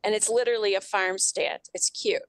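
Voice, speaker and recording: A woman's voice: medium pitch, fairly even intonation, fairly quick, no room sound, low-quality recording. Chatty woman co-hosting radio over video call. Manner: chatty, upbeat, informative. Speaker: radio co-host. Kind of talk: casual radio chat.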